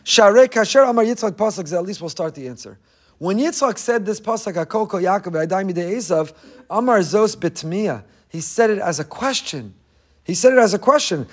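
A high-voiced rabbi preaches in an animated, brisk way, full of passion and emphasis. Hebrew phrases pepper his English, and he keeps repeating points to drive them in.

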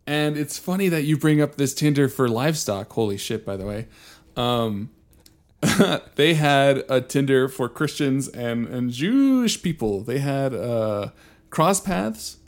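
A man co-hosting a podcast, talking in loose, profane casual chat and laughing often. His pitch swings up and down with lively movement. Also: unhurried. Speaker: podcast co-host.

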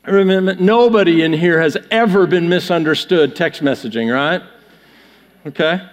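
A man's voice: on the high side, moderate pace. A male pastor giving a conversational sermon, joking with his congregation in a church with long hall reverb.

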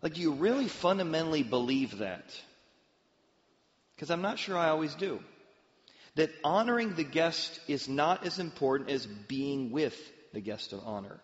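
A man's voice: a little high, normal speed, big-room sound, lo-fi sound. A man preaching a sermon, telling stories and sometimes acting out the voices of the people in them. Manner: storytelling with lively acted-out voices. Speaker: pastor.

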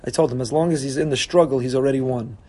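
A man's voice: mid-range voice, quick pace. A man giving a sermon as a rabbi, preaching with animation and acting out quoted voices. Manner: animated preaching, voicing God and congregants.

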